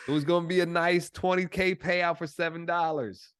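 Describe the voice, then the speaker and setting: A man hosting a sports podcast, talking in a relaxed, slangy and jokey way. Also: a little high, normal speed, clear, resonant tone, no room sound, clean studio sound. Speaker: podcast host. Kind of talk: casual sports chat.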